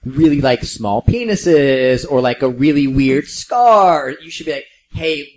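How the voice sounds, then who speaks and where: A man co-hosting a casual podcast, chiming in with jokes and quick asides. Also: medium pitch, animated, darkish tone. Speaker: podcast co-host.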